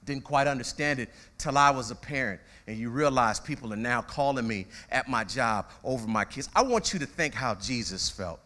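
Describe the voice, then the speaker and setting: Male pastor, bright and animated, high-ish voice, chatty preaching style with congregation call-outs. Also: moderate pace, hardly any pauses. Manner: repeats words when starting phrases. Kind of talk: sermon.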